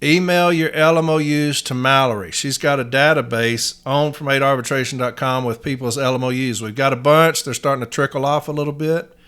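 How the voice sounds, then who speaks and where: A man's voice: medium pitch, steady tone, brisk, hardly any pauses, fairly bright tone, clean tone. A man from Nashville, Tennessee, with a Southern accent, hosting a podcast in a blunt, folksy monologue. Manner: blunt, folksy, uses y'all. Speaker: podcast host.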